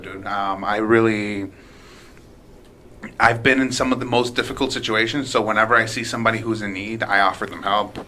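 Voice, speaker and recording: A man's voice: lowish voice, sharp tone, slight background noise. A young man hosting a podcast, talking in an earnest, casual way and calling people "man" and "dude". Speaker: podcast host. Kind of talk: casual chat.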